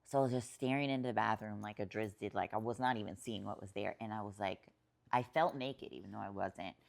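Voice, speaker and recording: Deep-voiced woman rambling thru a personal story, lots of likes and swearing. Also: brisk, creaky. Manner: rambling, filler-heavy, swears freely, emotional. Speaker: podcast guest, writer and poet. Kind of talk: casual storytelling conversation.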